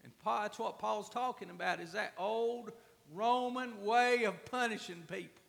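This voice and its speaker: A man preaching a sermon, swinging between hushed asides and loud, drawn-out emphasis. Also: high voice, vocal fry, in a large hall. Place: church.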